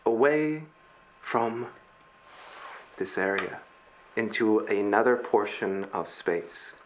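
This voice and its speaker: A man running a tabletop game as game master, narrating scenes in a slow, measured way with pauses. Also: lowish voice, lively intonation, a little hiss or hum.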